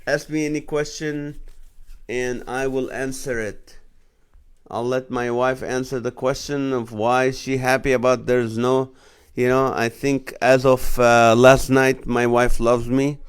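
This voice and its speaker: A man in his forties hosts a relaxed live stream as a comedian, reading viewers' comments out loud and laughing along with their jokes. His voice is smooth and clear, sitting at an ordinary middle pitch. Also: measured pace. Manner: jokey, reads comments aloud and laughs along. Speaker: comedian and show host.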